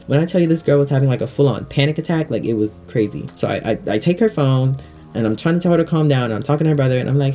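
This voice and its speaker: A young man telling a personal story in a casual, chatty storytime, packed with fillers and animated retelling. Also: mid-range voice, quick pace, soft background music. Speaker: vlogger.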